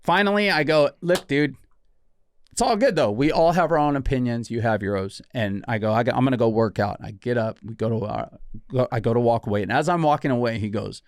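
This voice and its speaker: A man in his forties co-hosts a podcast, telling a story in casual chat and animatedly acting out the exchanges, often saying "dude" and "right?". His voice is medium-pitched and a little fast. The recording is dry and studio quality, made in a podcast studio.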